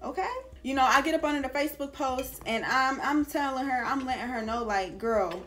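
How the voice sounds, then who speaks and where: A woman's voice: high-pitched, a little fast, fairly bright tone, slight background noise. A young woman vlogger telling a casual storytime, slangy and chatty with lots of "like" and "girl".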